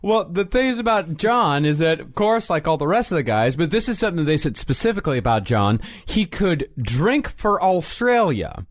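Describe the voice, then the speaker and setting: A man's voice: on the high side, normal speed, few pauses. Man casually narrating a true-crime story. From United States. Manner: relaxed storyteller, recounts the case with dry asides. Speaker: podcast co-host, case narrator.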